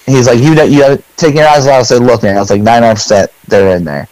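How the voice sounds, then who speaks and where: A man's voice: medium pitch, fairly even intonation, racing, darkish tone, no echo, low-quality recording. A middle-aged man, a podcast co-host, telling a long story in casual chat, rambling with fillers and acting out his own lines.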